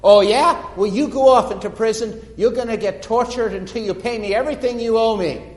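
A man voicing a desperate servant who pleads in a high, strained voice and turns to loud, bullying demands. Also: fairly even intonation, fast talker. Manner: pleading, then shouting demands. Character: desperate male servant, groveling then bullying. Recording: echoey hall reverb.

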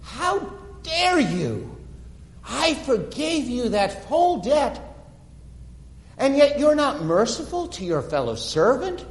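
A man voicing a stern, commanding king who barks loud, dismissive orders in a sermon story. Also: on the high side, lively intonation, brisk, few pauses, lightly acted. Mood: outraged. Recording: echoey hall reverb.

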